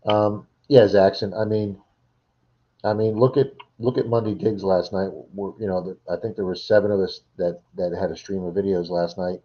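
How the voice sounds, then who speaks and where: A man's voice: deep voice, fairly even intonation, normal speed, dull audio. A middle-aged man hosting a casual livestream from home, rambling and answering viewers' chat messages. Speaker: livestream host.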